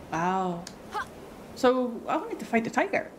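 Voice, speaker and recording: A young British woman chatting her way through a game, gushing and easily excited. Her voice sits a little high and swoops around a lot, with a faint hiss of noise underneath. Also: slow. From Britain. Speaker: gaming streamer. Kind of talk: casual gameplay commentary.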